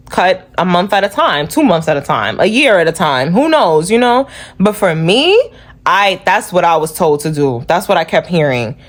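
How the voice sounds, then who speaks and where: Chatty New York woman vlogging. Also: lowish voice. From New York City. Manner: chatty, many "like"s, earnest about faith. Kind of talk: casual talk to camera.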